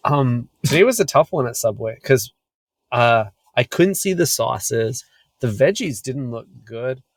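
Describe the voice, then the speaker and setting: Wry, deadpan young man co-hosting. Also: medium pitch, measured pace, no room sound. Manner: wry, deadpan storytelling with frequent laughs. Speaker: podcast co-host. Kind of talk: casual comedic chat.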